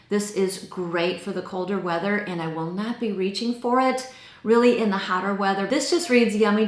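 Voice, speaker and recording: A middle-aged woman talks casually through a perfume review, at a mid pitch for a woman. She describes each scent in eager, chatty detail. The voice carries a noticeable roomy echo.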